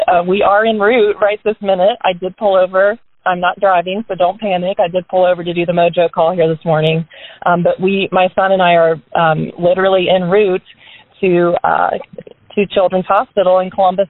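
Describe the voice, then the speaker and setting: A woman's voice: lowish voice, little pitch movement, moderate pace, dry recording. A woman giving a casual, upbeat motivational talk to her business team on a group call from a parked car, leaning on tag questions as she talks. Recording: dry, tinny phone-line sound.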